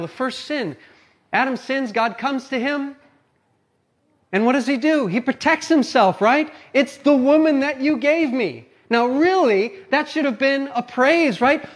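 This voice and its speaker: A man preaching a sermon, earnest and conversational, often checking in with "right?" and "okay?". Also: sits high. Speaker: pastor.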